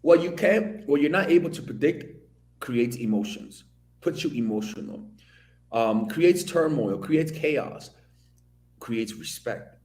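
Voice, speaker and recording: A man from the Dominican Republic giving a blunt, profane commentary monologue, with animated storytelling. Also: medium pitch, measured pace, reverberant. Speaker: video commentator.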